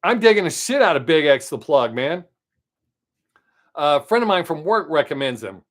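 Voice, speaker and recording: A man with a Southern accent, hosting a live stream from home and chatting in a rambling, casual way. He says he tries to talk fast. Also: on the high side, sing-song, fairly bright tone.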